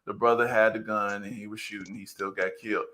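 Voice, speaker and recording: A man's voice: lowish voice, level tone, fast, pushed and bright. A man talking in a casual, earnest commentary, rambling and repeating words as he works through his point.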